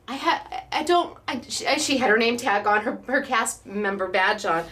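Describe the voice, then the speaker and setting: A chatty, bubbly woman hosts a crafting class and talks straight to her online viewers. Her voice sits a little high, and she laughs often as she goes along. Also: expressive, measured pace, sharp tone. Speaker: craft store host. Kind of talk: casual chat to online viewers.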